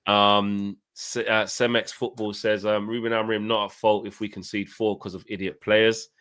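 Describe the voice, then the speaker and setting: A man's voice: fairly low pitch, level tone, normal speed, fairly bright tone. A man co-hosting a casual football fan panel, reading viewers' comments and bantering with laughter and swearing. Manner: banter-heavy, laughs often, swears when worked up. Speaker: co-host reading super chats.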